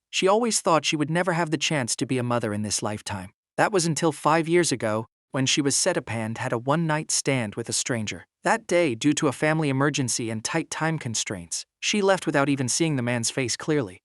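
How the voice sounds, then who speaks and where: A man narrating a drama recap in second person, steady and smooth. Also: medium pitch, no echo, clean studio sound.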